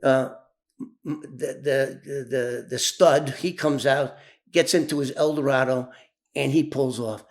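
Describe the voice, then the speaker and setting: A man's voice: medium pitch, fairly even intonation, unhurried. A man telling an old story in casual, profane, rambling talk full of restarts and asides. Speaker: former informant telling his story.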